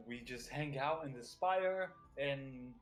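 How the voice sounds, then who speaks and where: A man's voice: mid-range voice, slow, soft background music, close to an everyday voice. A man voicing a polished woman aristocrat who hosts a society of rich flyers, speaking in a gracious, welcoming, slightly boastful manner.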